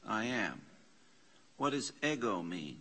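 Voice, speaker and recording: A man leading a Bible study class, slowly sounding out Greek words, repeating them and questioning his students. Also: on the low side, very animated, pushed and bright, reverberant. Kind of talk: slow, explanatory Greek lesson. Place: church classroom.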